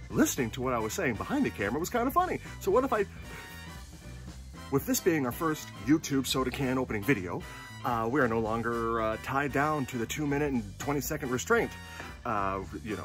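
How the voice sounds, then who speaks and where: A middle-aged man chatting casually at home about his collecting, rambling and joking, with sudden excited bursts. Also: mid-range voice, distant mic. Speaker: collector vlogger. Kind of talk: casual chat to camera.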